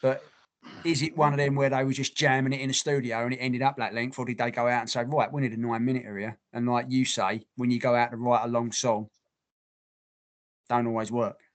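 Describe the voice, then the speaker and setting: A man's voice: medium pitch, level tone, fairly quick. A man co-hosting a podcast in casual chat, blunt and swearing freely. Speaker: podcast co-host.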